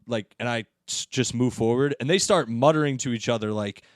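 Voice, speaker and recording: A man's voice: a little fast, no room sound, studio quality. A man hosting a podcast, telling a story in a casual chat and acting out the people in it with big jumps in his voice. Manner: animated storyteller, acts out quoted people with big pitch jumps. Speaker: podcast host.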